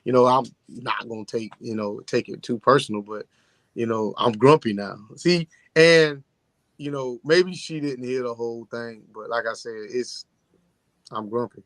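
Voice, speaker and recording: A man co-hosting a casual chat show, tired and talking in a low-key monotone. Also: normal speed, dry recording. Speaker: podcast co-host.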